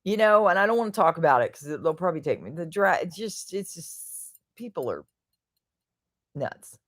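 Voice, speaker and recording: A woman hosts a casual livestream, talking in a lowish voice that rises and falls a lot. She rambles from one thought to the next and greets viewers by answering their comments. Her tone stays chatty and informal throughout. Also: very animated, moderate pace, no room sound, studio quality. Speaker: livestream host.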